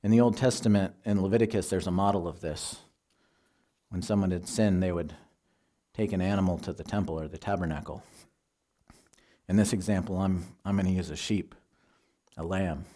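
Mellow-voiced male preacher. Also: deep voice, fairly even intonation. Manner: earnest, measured teaching with scripture quotes. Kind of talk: sermon.

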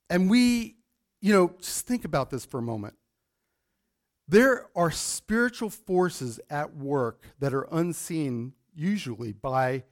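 Higher-voiced pastor quizzing his congregation. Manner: animated, quizzes the congregation with questions. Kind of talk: sermon with Bible teaching.

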